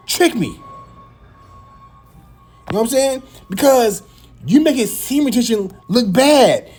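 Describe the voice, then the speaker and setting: A man with a small, high voice hosting a reaction video, teasing and laughing as he comments. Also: expressive, slow pace, long pauses, darkish tone, faint music behind. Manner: high light voice.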